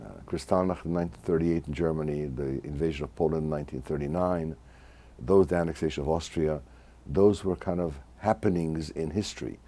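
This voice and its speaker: Older guy in his 80s, really deep dark voice, kinda husky, talks slow and thoughtful. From Hungary. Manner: measured, reflective, restarts mid-phrase. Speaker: interviewee. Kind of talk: oral history interview.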